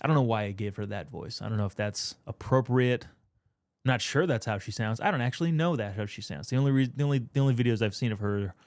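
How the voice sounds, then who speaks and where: A man's voice: mid-range voice, fast, a little mellow, no echo, clean studio sound. A man giving casual commentary on news, rambling and going off on tangents. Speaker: political commentator.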